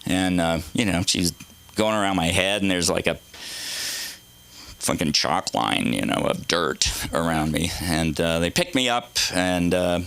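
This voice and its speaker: Middle-aged male stand-up, lowish bright voice, swoops all over, swears freely while rambling. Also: sing-song, normal speed. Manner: rambling, profane, self-mocking storytelling. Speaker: stand-up comedian. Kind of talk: stand-up comedy set. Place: comedy club stage.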